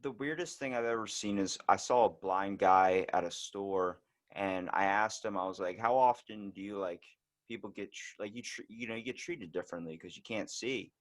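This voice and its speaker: A man's voice: fairly low pitch, normal speed. A man hosting a podcast, telling rambling, joking anecdotes with plenty of swearing. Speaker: podcast host. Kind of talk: casual conversational storytelling.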